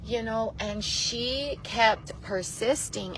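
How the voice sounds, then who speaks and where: A woman vlogger talks slowly and emotionally, sometimes near tears, circling back and restarting her sentences. Her voice sits a little high. A faint hum of traffic runs behind her. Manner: rambling, emotional, with repeated restarts. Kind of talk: casual storytelling to viewers.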